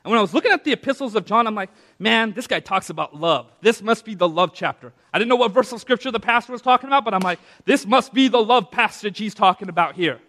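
A man preaching a sermon as pastor, swinging from quiet, low asides to loud, ringing peaks. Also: expressive, fast talker, few pauses, in a large hall.

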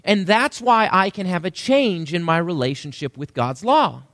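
A man's voice: high-pitched, animated, normal speed, a bit bright, no echo, clean studio sound. A male pastor preaching an emphatic sermon and asking the congregation questions.

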